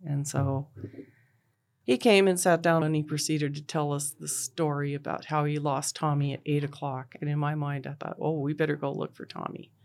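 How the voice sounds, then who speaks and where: A middle-aged woman recounting a painful personal story in an interview. She talks in a halting, everyday way, stringing the events together with "and then" and "he goes", with frequent "uh" between them. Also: sits low, steady tone, darkish tone. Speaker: interviewee, bereaved mother. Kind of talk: personal retelling.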